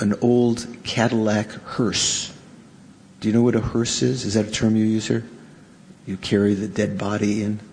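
A man teaching Buddhism to a live audience in a halting, conversational way, often stopping to question his listeners. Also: on the low side, creaky, a little mellow. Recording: reverberant hall, faint background noise.

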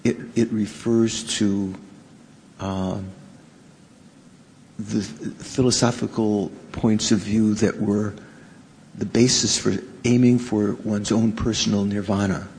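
A man teaching Buddhism to a live audience in a halting, conversational way, often stopping to question his listeners. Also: lowish voice, level tone, darkish tone. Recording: reverberant hall, faint background noise.

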